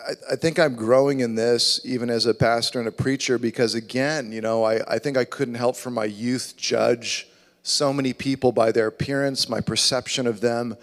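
A man preaching a sermon as a pastor, animated, acting out voices in his story. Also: medium pitch, normal speed. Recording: long reverb of a large hall.

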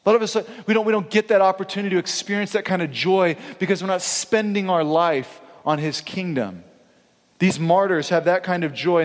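A man's voice: fairly high pitch, long reverb tail. A man pastor preaching a sermon in a conversational, emphatic way, acting out quoted speakers.

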